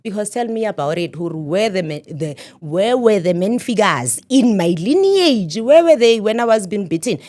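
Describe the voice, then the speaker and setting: A woman's voice: medium pitch, expressive, moderate pace, hardly any pauses, darkish tone. Woman, emphatic, emotional, candid interview guest. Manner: emphatic, emotional, repeats phrases for stress. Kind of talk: candid personal storytelling.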